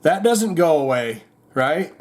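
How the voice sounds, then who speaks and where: A man's voice: fairly high pitch, sing-song, takes it slowly. A man hosting a rock and metal news podcast, chatting casually and rambling with lots of fillers and restarts. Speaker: podcast host.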